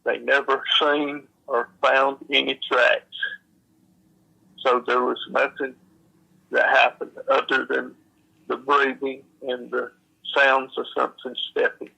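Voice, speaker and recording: A man speaks slowly in a gravelly, bright-edged voice that barely rises or falls. He tells it plainly, filling pauses with "uh" and "you know". The sound is thin and lo-fi. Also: medium pitch, little pitch movement. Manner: slow, plain folksy telling with fillers. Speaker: storyteller. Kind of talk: recounting a secondhand encounter.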